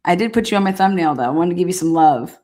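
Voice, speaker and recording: A woman's voice: fairly low pitch, animated, fast talker, mellow. A woman hosting a live stream, chatting casually with viewers in a sassy, blunt way and swearing now and then. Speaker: livestream host.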